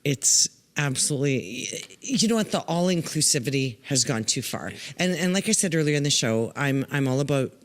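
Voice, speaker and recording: A man co-hosting a casual discussion show, emphatic and quick to agree, with frequent backchannel murmurs. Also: medium pitch, animated, big-room sound. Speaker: podcast co-host.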